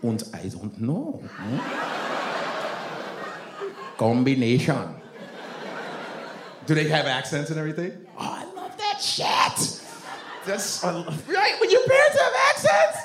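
A man's voice: on the high side, wildly swooping pitch, a little slow, pauses often, reverberant, a little hiss or hum. A man doing stand-up crowd work, chatting with audience members and laughing as he talks. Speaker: stand-up comedian.

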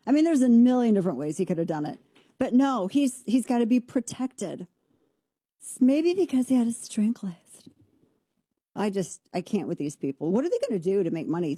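A woman hosting a talk show, giving a brash, sarcastic and animated opinion monologue. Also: medium pitch, dry recording, studio quality. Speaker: radio talk show host.

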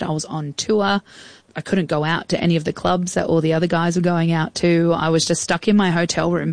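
A woman's voice: sits low, dry recording. An Australian woman in her thirties recounting a personal story in a candid, chatty way as an interview guest, acting out old phone calls. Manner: candid, chatty, acts out past conversations.

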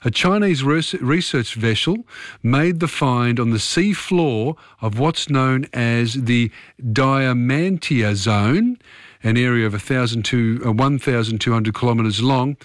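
Genial radio host, dry sound. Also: male voice, medium pitch, no echo. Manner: genial, chatty, quick to laugh. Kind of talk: late-night talk radio quiz hosting. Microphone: studio microphone.

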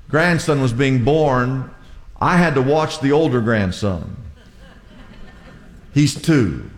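An older male pastor preaching a sermon with emphatic, repetitive exhortations. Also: mid-range voice. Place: church sanctuary. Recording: echoey hall.

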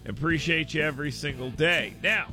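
High-voiced, animated radio talk host. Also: male voice, moderate pace, creaky, soft background music. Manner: animated, rambling storyteller with frequent asides. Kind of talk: casual radio monologue. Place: radio studio. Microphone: studio microphone.

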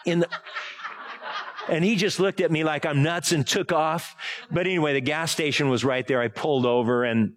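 A man's voice: fairly high pitch, fairly even intonation, moderate pace. A middle-aged male pastor preaching casually, rambling through a personal story, correcting himself and asking his listeners for help. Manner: rambling, self-correcting, asks the audience for help. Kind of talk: conversational sermon with a personal story.

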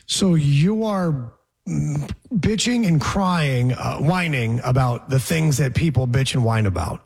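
A man's voice: a little high, animated, slow, vocal fry, a little mellow, slightly rough. A man co-hosting a casual sports radio show, teasing his partner with wisecracks. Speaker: co-host.

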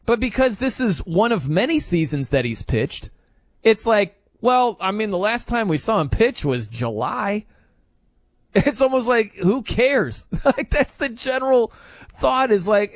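Sports talk guy going off, kinda high voice, swings all over, dry sound. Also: measured pace, dry recording. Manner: animated, incredulous, ranting with laughs.

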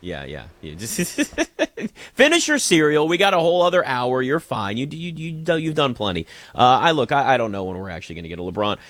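A man's voice: mid-range voice, big pitch swings, a little fast, fairly bright tone, dry recording, studio quality. A man hosting a sports talk show, chatty, opinionated and emphatic.

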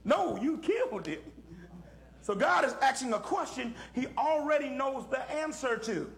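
A man's voice: very high-pitched, expressive, moderate pace, creaky, a bit bright. A middle-aged man leading an interactive Bible lesson for young people, asking questions and calling on listeners in a folksy preaching manner. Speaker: Bible study teacher.

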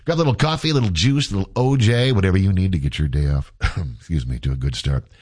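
A man's voice: low-pitched, lively intonation, fast talker, darkish tone, breathy edge. A man hosting a casual morning radio show, talking through a stuffy, congested nose in a chatty, self-mocking way. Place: radio studio.

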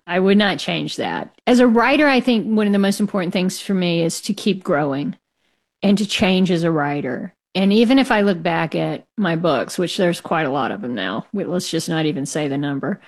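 A frank, opinionated woman speaks as a guest author in a casual interview. Her low voice has a gravelly fry, and she drops in short laughs. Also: animated, moderate pace. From United States.

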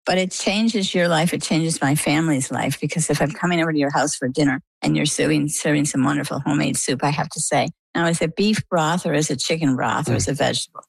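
A middle-aged woman from Maine, an interview guest telling her story in a lively way and acting out the dialogue. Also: sits low, quick pace, vocal fry, few pauses, breathy edge, dry recording, rough recording. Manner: animated storyteller, acts out quoted dialogue.

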